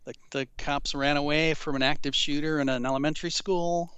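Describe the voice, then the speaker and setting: Podcast co-host, male, smooth resonant voice, deadpan wry chatter, dry sound. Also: fairly high pitch, fairly quick, dry recording, highs cut off. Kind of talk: casual chat.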